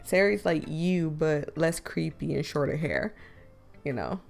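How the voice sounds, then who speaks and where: A woman's voice: low voice, animated, a little slow, creaky, faint music behind. A young woman giving casual, giggly gameplay commentary as a YouTuber, joking at her own expense. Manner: giggly, self-deprecating. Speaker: gaming YouTuber.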